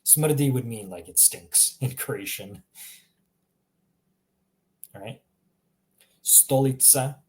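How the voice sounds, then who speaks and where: A man giving a casual live language lesson, chatty and relaxed, reacting to viewers' examples and laughing now and then. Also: mid-range voice, slow pace, long pauses. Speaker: language teacher.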